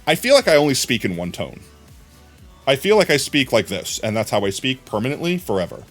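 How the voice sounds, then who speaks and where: A man's voice: medium pitch, very animated, brisk, faint music behind. A man streaming live, chatting casually in a rambling way that keeps restarting his sentences. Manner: rambling, self-interrupting talk. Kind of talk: casual chat.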